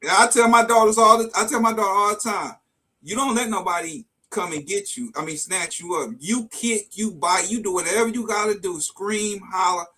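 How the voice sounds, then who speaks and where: A man's voice: high voice, normal speed, bright, forceful tone, low-quality recording. A man hosting a casual live-streamed talk, giving earnest advice and repeating himself as he goes, over a video call. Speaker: show host.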